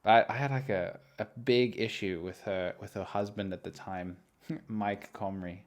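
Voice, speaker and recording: A man's voice: fairly low pitch, fairly even intonation, normal speed, darkish tone. A man hosting a casual solo chat show, rambling, swearing freely and making jokes at his own expense. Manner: rambling, profane, self-mocking. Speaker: host.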